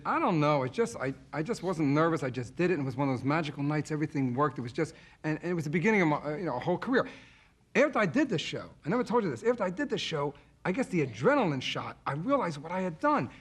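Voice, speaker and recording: A man's voice: a little high, husky. A man telling jokes and stories on a television talk show, punchy, acting out the voices. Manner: punchy joke-telling with acted quotes. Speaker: stand-up comedian. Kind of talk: stand-up and talk show banter. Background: studio audience.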